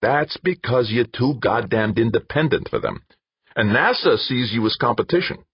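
A crafty, eager PR director, as a male narrator puts him on, his voice jumping high and animated. He presses his points with excitable insistence. The recording is dry and somewhat dull. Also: normal speed, breathy edge, no echo. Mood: persuasive.

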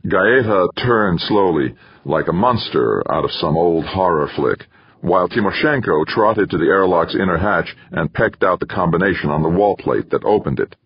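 A man reads a novel aloud in a measured, steady way. His voice is very low and gravelly with a husky edge. The recording is dry and slightly dull. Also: no echo. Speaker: audiobook narrator. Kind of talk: scripted narration.

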